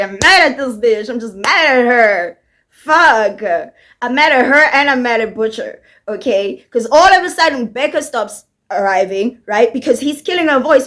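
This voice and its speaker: A woman's voice: on the high side, a bit bright. A woman giving a heated, profane rant about a TV finale, firing off rhetorical questions as a commentator. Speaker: TV show commentator. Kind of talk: casual ranting review.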